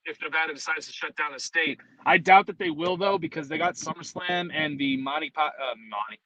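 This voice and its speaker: A man's voice: fairly high pitch, brisk, crowd noise, low-quality recording. A man with a New York accent hosting a casual live stream, rambling and swearing as he jumps between topics. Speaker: streamer host.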